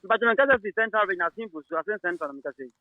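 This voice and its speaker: Rapid caller on a tinny phone line. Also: male voice, sits high, lively intonation, dry recording. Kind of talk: phone-in call.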